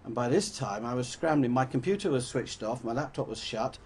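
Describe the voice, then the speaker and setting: A man's voice: mid-range voice, lively intonation, fairly quick, a little mellow, slightly rough. An older man from England gives a rambling, anecdotal talk to an audience, often correcting himself as he goes. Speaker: public speaker.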